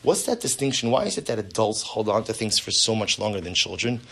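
A man's voice: fairly low pitch, expressive, a little fast, vocal fry, a bit bright. A man, likely a rabbi, giving a spoken lecture on marriage, earnest and fond of rhetorical questions and repeated words.

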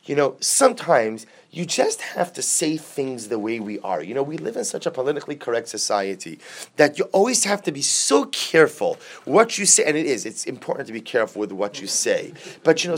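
A man giving a Talmud class in a lively, conversational way, asking rhetorical questions and urging the listeners to listen. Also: mid-range voice, fast talker. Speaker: Talmud teacher.

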